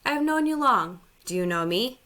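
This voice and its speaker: A woman voicing a wise, solemn male lion ruler in a storybook reading, with grave, measured speech. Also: a little high, expressive, fairly bright tone. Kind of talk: audiobook reading.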